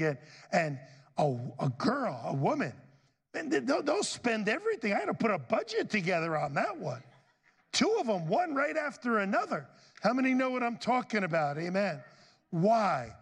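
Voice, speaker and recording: A man's voice: high voice, long reverb tail. A middle-aged man preaching a sermon as pastor, folksy and chatty, calling out to the congregation for amens. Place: church sanctuary.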